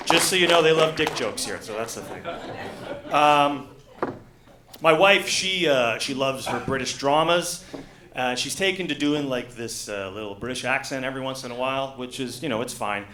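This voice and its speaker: Guy doing stand-up on a gala stage, deadpan, lots of uhs, kinda echoey hall. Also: medium pitch, moderate pace, noisy background. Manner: deadpan storytelling with frequent uh fillers. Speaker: stand-up comedy student. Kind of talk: stand-up comedy set. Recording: echoey room.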